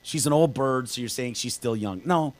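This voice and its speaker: A man's voice: mid-range voice, normal speed, poor audio. Profane podcast guy telling stories. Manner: loose, profane, storytelling with lots of fillers. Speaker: podcast co-host. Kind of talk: casual chat.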